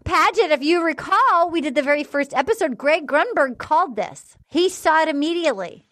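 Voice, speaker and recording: A woman with a high voice hosts a casual podcast chat and recaps with animation. She sounds close and dry on the mic. She acts out what people said as she tells the story. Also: normal speed, no echo. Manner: animated recapping with acted quotes. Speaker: podcast host.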